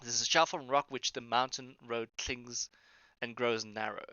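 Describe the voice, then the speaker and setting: A man narrating as game master, describing scenes with many pauses and restarts. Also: mid-range voice, fairly even intonation, bright, forceful tone, clear, resonant tone, no room sound, dull audio. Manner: hesitant, with fillers and restarts while describing.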